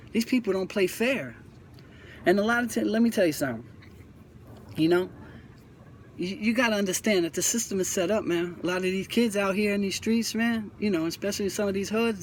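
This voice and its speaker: High-pitched New man preaching to kids. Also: fairly quick, slight background noise. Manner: preachy, repeats himself, stumbles and restarts often. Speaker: YouTube host talking about prison life. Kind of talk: earnest casual monologue to viewers.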